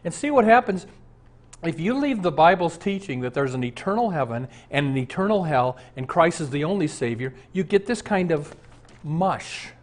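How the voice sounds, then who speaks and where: An older man preaching a sermon with a slightly raised pitch. He talks in an earnest, conversational way, throwing rhetorical questions at his congregation. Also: lively intonation, normal speed. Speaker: pastor.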